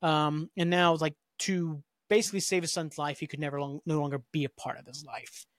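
Guy rambling thru a show recap, kinda high voice, dry close sound. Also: steady tone, a little fast, dry recording. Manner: rambling, filler-heavy storytelling. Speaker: podcast host. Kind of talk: casual chat recapping a TV episode.

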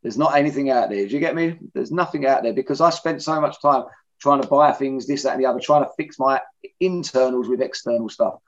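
A man's voice: medium pitch, a little fast. A middle-aged man, candidly telling his own story in an interview, blunt and plain-spoken. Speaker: interviewee in recovery. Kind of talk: personal testimony in conversation. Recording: dull lo-fi recording.

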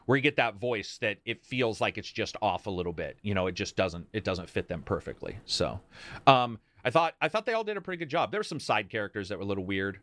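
A man hosting a casual talk stream about video games, rambling and animated, talking to his chat. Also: on the low side, quick pace, no echo. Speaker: host.

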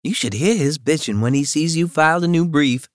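A chatty, outspoken young woman with a lively, frank way of talking, put on by a male audiobook narrator. Her voice sits much higher than his own and sounds close and dry. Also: fairly quick, no echo, lightly acted. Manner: lively, gossipy, blunt.

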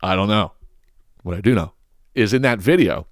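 A man's voice: fairly low pitch, normal speed, dry recording, studio quality. A young man hosting a podcast, ranting bluntly and with lots of cursing, exasperated. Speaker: podcast host.

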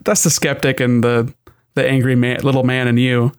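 A man chatting casually on a gaming podcast, in a middle-pitched voice. He rambles easily, hedging his points with plenty of "like" and "I mean". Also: normal speed, smooth. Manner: relaxed, rambling, frequent "like" and "I mean". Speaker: podcast co-host.

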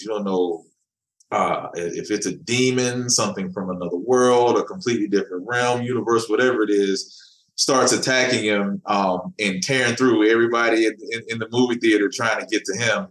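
A man, a comic book writer, chatting casually as a podcast guest and often repeating words as he finds his thought. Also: lowish voice. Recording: echoey room.

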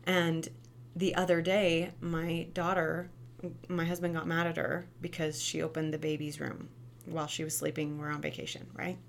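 Young mom, lower register, earnest chatty monologue with "right?" tags. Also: female voice, level tone, moderate pace, vocal fry, a little hiss or hum. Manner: earnest, chatty, frequent "right?" tag questions. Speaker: mother sharing parenting advice. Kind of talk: casual monologue.

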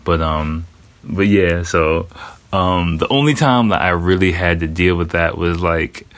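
A man's voice: low voice, unhurried, fairly bright tone. A man telling a personal story in a loose, casual way, full of fillers and swearing. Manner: rambling, profane, many fillers.

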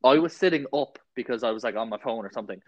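A young man chatting casually as a podcast co-host, telling stories with laughs and animated quotes. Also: mid-range voice, rapid-fire, dull audio, background noise. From Ireland. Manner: laughing storyteller, animated when quoting people. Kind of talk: casual chat.

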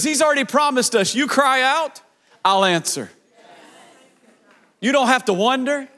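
A pastor delivering a sermon in a very high, bright and forceful voice. He preaches with passion, repeating phrases in a rhythmic cadence that builds to shouting. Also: lively intonation, unhurried, long pauses, a faint crowd.

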